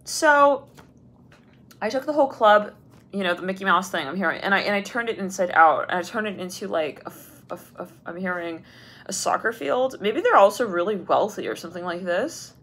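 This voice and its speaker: A woman giving a casual tarot reading, rambling with many fillers and laughs, and acting out quoted voices with big jumps in pitch. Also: expressive, fairly quick, fairly bright tone, breathy edge. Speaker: tarot reader.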